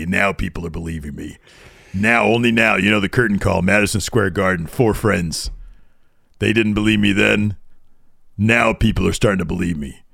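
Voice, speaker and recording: A man doing an impression of a cocky, gruff middle-aged wrestling executive who boasts and tosses crude put-downs. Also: low voice, fairly bright tone, no echo, studio quality, heavily acted. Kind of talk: comedy impression sketch.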